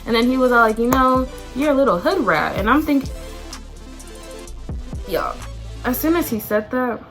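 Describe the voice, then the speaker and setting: A teenage girl from Texas, chatty and animated, telling a storytime vlog with lots of "like" and "y'all". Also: a little high, normal speed, soft background music. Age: teens. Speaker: vlogger.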